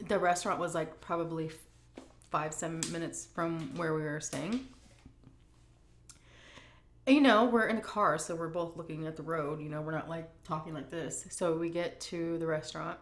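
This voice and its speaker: A middle-aged woman food vlogger telling a story and answering questions in a chatty, animated way full of fillers. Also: deep voice, moderate pace, slight background noise. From United States. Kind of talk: casual storytelling and Q&A.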